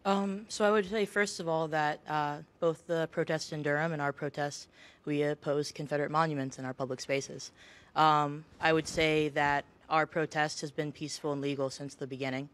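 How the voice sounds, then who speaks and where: A young woman in her twenties, a student activist on a TV panel, answering in a measured, careful way with frequent ums. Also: low-pitched, steady tone. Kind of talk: panel discussion.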